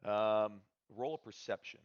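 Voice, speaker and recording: A man narrating as game master in a tabletop game, halting and full of filler sounds. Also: on the low side, smooth, no echo, highs cut off.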